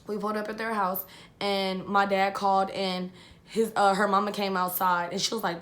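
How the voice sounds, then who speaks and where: A woman's voice: mid-range voice, little pitch movement, a little fast, fairly bright tone. A young woman vlogger telling a personal story in a chatty way, repeating herself and calling her viewers "y'all". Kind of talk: casual storytelling.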